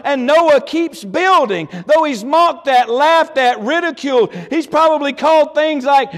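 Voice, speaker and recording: A man preaching a sermon as pastor, with sudden drops and swells and slow, emphatic stresses. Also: very high voice, animated. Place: church sanctuary. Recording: long church reverb.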